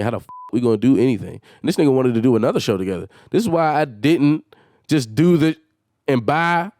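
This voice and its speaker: Dude going off on his solo podcast, exasperated, mid-pitched voice, dead dry sound. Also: darkish tone, no room sound. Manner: heated, exasperated venting with emphatic swearing. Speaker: podcast host.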